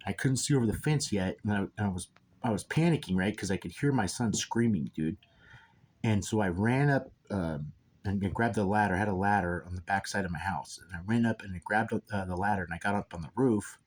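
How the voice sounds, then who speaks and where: A man's voice: fairly low pitch, brisk. A man telling a personal story in a rambling, emphatic way, often checking in with "okay?" and "right?". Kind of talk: casual spoken monologue.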